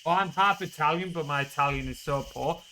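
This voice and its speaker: Streaming a game, this Northern English man with a Yorkshire accent talks a little fast in a slightly high, sharp-toned voice. He swears freely, chats casually and replies to his viewers out loud. The low-quality recording carries a bit of hiss or hum.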